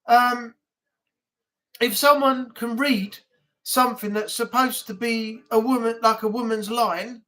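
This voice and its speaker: A man's voice: extremely high pitch, a little slow. Man, northern English accent, livestream chat host, casual, rambling, lots of fillers. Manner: rambling, relaxed, with many fillers.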